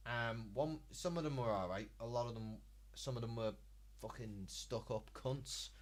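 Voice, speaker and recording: A man with a medium-pitched voice talks at a moderate pace while live-streaming a game. He chats loosely and crudely with his viewers, rambling from one thing to the next in casual stream banter.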